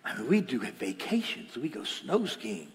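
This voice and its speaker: Pastor, male, lively sermon delivery with hushed asides; reverberant room. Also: medium pitch, moderate pace, gravelly. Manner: animated, shifts between loud and whispered. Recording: echoey hall.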